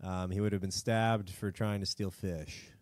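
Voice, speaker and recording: A man's voice: low-pitched, little pitch movement, moderate pace, a little mellow. A man co-hosting a casual comedy history podcast, joking and rambling, swearing freely, feeling cold. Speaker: podcast co-host.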